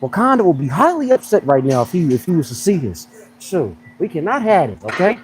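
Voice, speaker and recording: A young man with a fairly high voice that leaps all over the place as he jokes around. His talk is loose and slangy, in the easy flow of a casual livestream chat. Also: fairly quick, a little hiss or hum, low-quality recording. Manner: animated, joking, slangy. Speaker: fitness coach and pro bodybuilder.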